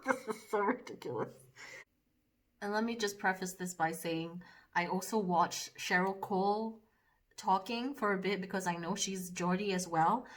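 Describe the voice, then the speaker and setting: A woman's voice: mid-range voice, normal speed, pauses often. Woman makeup vlogger, mid-range voice, chatty and self-deprecating, casual to camera. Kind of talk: casual vlog chat.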